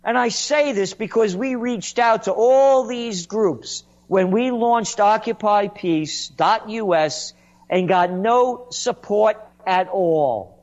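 A man's voice: high-pitched, slow pace, darkish tone, dull audio. A man delivering a sarcastic, indignant political monologue, mocking and scornful as he rants. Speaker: commentator.

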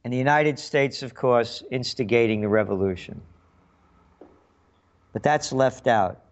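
A man's voice: medium pitch, a little slow, lo-fi sound. A man hosting a talk radio show, delivering a sarcastic, facetious monologue with a frog in his throat.

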